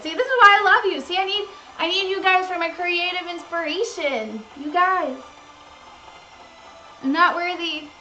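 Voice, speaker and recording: A woman's voice: very high voice, pushed and bright, low-quality recording. A woman hosting a cooking livestream, chatting in a bubbly, gushing way to her viewers. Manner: bubbly, gushing, talks to chat. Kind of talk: casual livestream chat to viewers. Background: faint background music.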